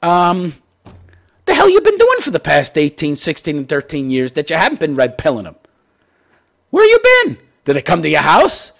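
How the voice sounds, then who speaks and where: A brisk, very animated male host with a slightly high voice and vocal fry runs a call-in commentary show. Swearing and sarcastic, he goes off about a listener's letter and keeps saying "wait, wait."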